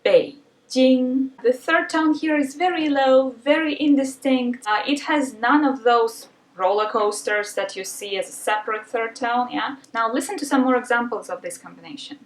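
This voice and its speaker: A woman's voice: on the high side, normal speed, few pauses. A woman language teacher patiently explaining pronunciation rules, sometimes adding fillers as she goes. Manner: patient and instructive, with occasional fillers. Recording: roomy sound from a distance.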